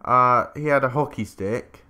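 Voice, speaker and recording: Rambling man, bright and crisp. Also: mid-range voice, measured pace. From England. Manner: rambling, chatty, self-interrupting, swears casually. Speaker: gaming commentator. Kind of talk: casual gameplay commentary storytelling.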